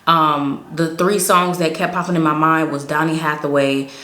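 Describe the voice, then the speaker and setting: A woman's voice: sits low, steady tone, normal speed, sharp tone. A woman giving a casual, emotional spoken testimony as a prophetic vlogger, earnest and rambling with many fillers. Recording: echoey room.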